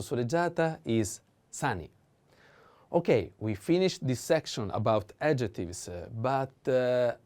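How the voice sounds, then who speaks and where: A man teaching vocabulary in a patient language lesson, repeating each word slowly and pausing with fillers. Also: medium pitch, a little mellow. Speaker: Italian teacher.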